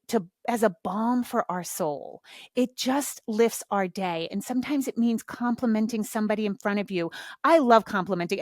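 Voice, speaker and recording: A woman's voice: mid-range voice, darkish tone, no echo, studio quality. A middle-aged woman hosting her own podcast, talking frankly in casual chat, swearing freely and acting out little exchanges. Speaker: podcast host. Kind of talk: casual solo podcast talk.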